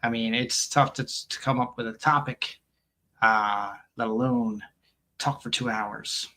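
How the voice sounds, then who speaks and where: A man's voice: mid-range voice, steady tone, unhurried, pushed and bright. A man hosting a live coin stream, rambling and joking casually while reading viewer comments aloud and laughing often. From United States.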